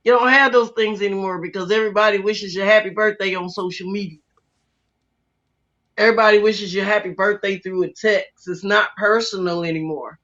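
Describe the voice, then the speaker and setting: A woman's voice: mid-range voice, fairly even intonation, a little fast, a bit bright. An older woman hosting a casual talk show, folksy and teasing with her guests. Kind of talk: casual chat. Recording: dull lo-fi sound.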